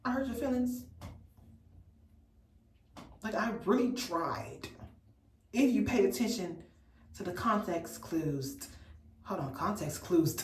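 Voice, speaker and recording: A woman from Memphis telling a storytime in an animated, incredulous, chatty way. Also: mid-range voice, measured pace, pauses often, reverberant, far from the mic, a little hiss or hum, low-quality recording. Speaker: vlogger. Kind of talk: storytime vlog.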